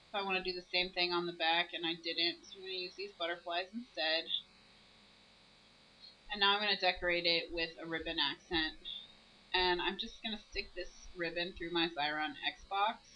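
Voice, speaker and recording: A woman's voice: on the low side, pushed and bright, dull audio. A woman narrating her own crafting video, explaining each step as she works.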